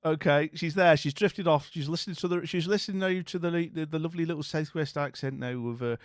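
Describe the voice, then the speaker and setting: A man's voice: fairly high pitch, quick pace, no echo, studio quality. A man chatting with his stream viewers, friendly and rambling, with lots of fillers and restarts. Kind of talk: casual chat.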